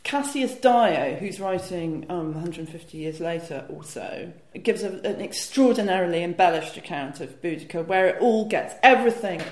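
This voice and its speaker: A woman's voice: lowish voice, animated, normal speed, hardly any pauses, darkish tone, echoey room. A woman talking as a guest historian, explaining fluently and enthusiastically with frequent "you know" fillers. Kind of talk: conversational academic explanation.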